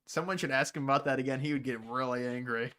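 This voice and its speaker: A man's voice: mid-range voice, fairly even intonation, quick pace, a bit bright, smooth. A man hosting a casual livestream, rambling and answering viewers' comments as they come in. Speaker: livestream host.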